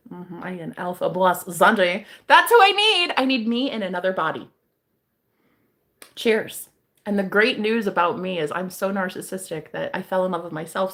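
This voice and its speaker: Brash gravelly-voiced woman joking around. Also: on the low side, fairly bright tone. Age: adult, married eight and a half years. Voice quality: gravelly, laughs often. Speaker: psychic streamer. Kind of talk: casual chat.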